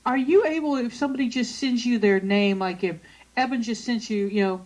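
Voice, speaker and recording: A woman hosting an interview, chatty and relaxed, with easy laughs. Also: a little high, brisk, poor audio. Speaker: host. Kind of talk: casual interview chat.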